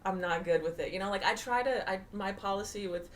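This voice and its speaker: A woman's voice: mid-range voice, brisk, a little hiss or hum. A woman from Texas, a comedian guest on a podcast, chatting casually with wry, dry asides and frequent laughter. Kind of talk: casual chat. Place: podcast studio.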